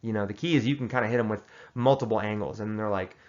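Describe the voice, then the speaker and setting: A man hosting a casual comedic advice monologue, delivering tongue-in-cheek tips in a mock-serious, deadpan way with frequent restarts. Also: on the low side, fast, lo-fi sound.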